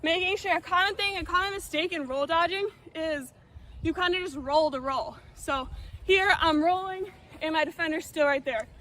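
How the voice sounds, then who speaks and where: A woman's voice: very high voice, moderate pace, fairly bright tone. A young woman coaching on an outdoor field, demonstrating drills as she moves and checking in with "okay?" after each step. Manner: explains while moving, checks in with "okay?" often. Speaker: lacrosse coach.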